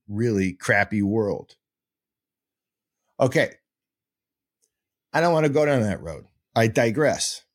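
A man hosts a podcast and talks through heavy ideas slowly and deliberately. His pitch swings widely and animatedly. He is playful, digressive and self-mocking, and he happily adds goofy sound effects. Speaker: podcast host. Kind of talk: casual teaching monologue.

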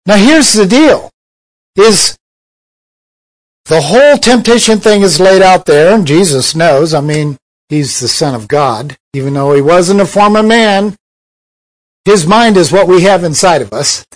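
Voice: mid-range voice, a little slow, rough recording. A preacher giving a sermon in a conversational way, asking many rhetorical questions.

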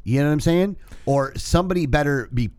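A man's voice: fairly high pitch, a little fast, a little mellow, clear, resonant tone, dry recording, studio quality. A man telling a long profane rant about air travel in casual podcast chat. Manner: profane ranting storyteller. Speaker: podcast co-host.

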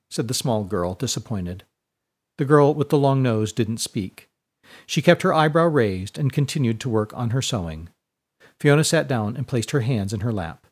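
A man narrating a storybook chapter in a measured, expressive reading. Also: mid-range voice.

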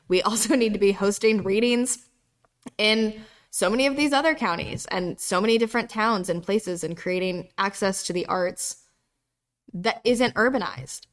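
A woman from North Carolina speaks in a medium-pitched voice at a moderate pace during a casual podcast conversation. She comes across as earnest and reflective, often repeating her phrases.

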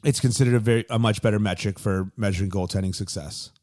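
A man's voice: fairly low pitch, steady tone, quick pace, a little mellow. A man co-hosting a podcast in casual chat, talking in a wry, analytical way with dry jokes. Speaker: podcast co-host.

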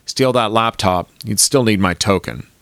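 A man's voice: on the low side, normal speed, a bit bright, no echo. A man reading a wry, paranoid tech founder. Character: paranoid middle-aged male tech founder.

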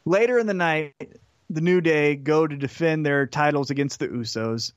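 Man, podcast co-host, casual storytelling, slightly high voice, dry close sound. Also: normal speed, smooth, no room sound, highs cut off. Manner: animated storyteller, acts out quotes in put-on voices. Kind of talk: casual chat recapping wrestling.

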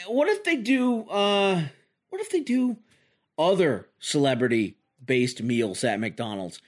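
A man in his forties hosting a podcast, giving a rambling, self-deprecating comedic monologue. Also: on the high side. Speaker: podcast host.

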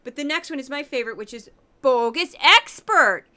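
A middle-aged woman from St. Louis hosting a podcast, delivering sarcastic, animated commentary on news clips. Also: high-pitched, very fast. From Midwest, St. Louis. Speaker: podcast host.

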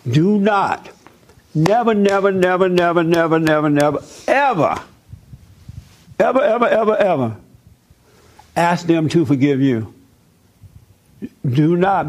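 Emphatic preacher man, fairly high voice. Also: a little mellow. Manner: emphatic, repeats words for stress. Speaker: preacher taking audience questions. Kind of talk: sermon-style Q&A answers.

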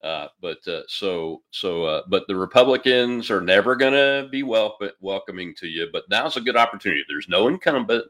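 A middle-aged man hosting a call-in show, giving halting, folksy advice. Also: fairly low pitch, expressive, a bit bright. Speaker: show host. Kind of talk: casual call-in talk.

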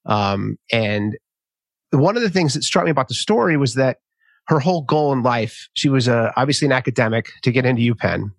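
A man in his fifties hosting a conversational interview, an animated storyteller. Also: mid-range voice, fairly quick, creaky, no echo. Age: 50s. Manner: lively storyteller who acts out quotes in raised voices. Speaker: podcast host.

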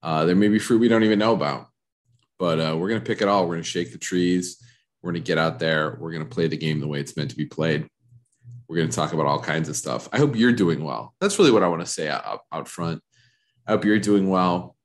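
Rambling low-voiced man hosting a podcast. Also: fast. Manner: rambling, self-mocking, repetitive riffs. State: congested from allergies, a bit froggy. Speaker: podcast host. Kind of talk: casual solo podcast chat. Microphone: studio microphone.

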